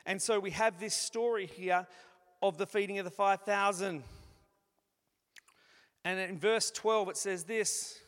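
A man preaching a sermon in an animated, conversational way, acting out little asides as he goes. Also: high voice, a little slow, pauses often. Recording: long reverb of a large hall.

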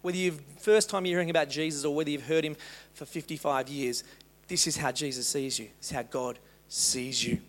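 A man preaching a sermon as pastor, moving between loud rousing passages and slow, quiet meditative reading. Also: a little high, steady tone. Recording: long hall reverb.

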